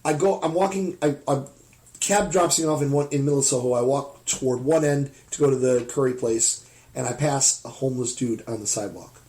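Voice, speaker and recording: An American man telling a rambling, animated anecdote in a casual podcast chat. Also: medium pitch, fairly quick. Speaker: podcast host.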